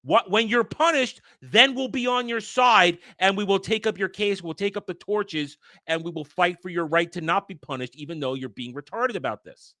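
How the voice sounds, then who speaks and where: A man hosting a casual news commentary show, brushing off headlines with blunt, profane irritation. His voice sits fairly high and bright, with a forceful edge. The sound is dry and close, with no room in it. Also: moderate pace, hardly any pauses, no room sound. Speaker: host of a daily entertainment news commentary show.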